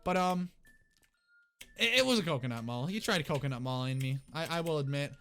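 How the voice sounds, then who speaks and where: Young male vlogger, high voice, excitable rambling storyteller, faint music underneath. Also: brisk. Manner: excitable, rambling, restarts often. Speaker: YouTuber. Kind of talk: casual storytime.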